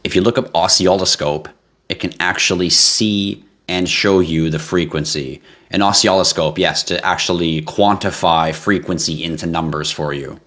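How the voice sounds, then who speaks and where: A man hosting a live stream, reading viewer comments in a casual, animated way, laughing and swearing now and then. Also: normal speed. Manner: animated, laughs and swears, jumps to high yelps for effect. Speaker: livestream host.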